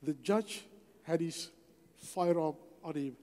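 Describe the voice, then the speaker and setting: A man's voice: on the high side, takes it slowly, a little mellow. An older man giving a testimony sermon as a guest speaker in a church, telling his story and acting out the dialogue. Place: church hall. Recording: long hall reverb.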